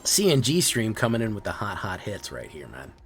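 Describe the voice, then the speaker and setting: A man's voice: on the low side, wildly swooping pitch, brisk, a little hiss or hum. A man streaming a card game, casually commenting on plays and teasing his chat in a playful way. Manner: playful, teasing, talks to viewers.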